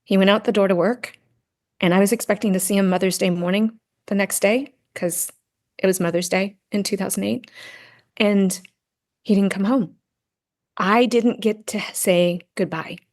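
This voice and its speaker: A woman's voice: medium pitch, steady tone, moderate pace, darkish tone. A middle-aged woman, a podcast guest, telling a personal story earnestly in casual conversation and often adding "right?" to check in. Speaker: podcast guest, grief and Gestalt practitioner.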